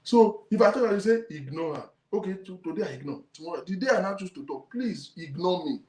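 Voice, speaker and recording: A man's voice: high-pitched, expressive, quick pace, darkish tone. A man with a Nigerian accent hosting his own talk show, ranting emphatically to viewers and repeating his points. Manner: emphatic, indignant, repeats himself, mixes in Yoruba. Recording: roomy echo.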